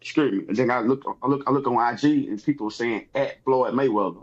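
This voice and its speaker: A man from Texas with a Texan accent, a comedian guest telling animated stories in casual chat and acting out other people's lines. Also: medium pitch, brisk, dull audio.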